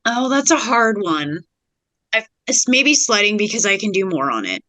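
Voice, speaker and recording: Bright-voiced laid-back young woman guest. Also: medium pitch, big pitch swings, moderate pace, dry recording, poor audio. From Canada. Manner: laid-back and candid, many fillers like "like" and "um". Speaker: podcast guest. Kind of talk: casual interview chat.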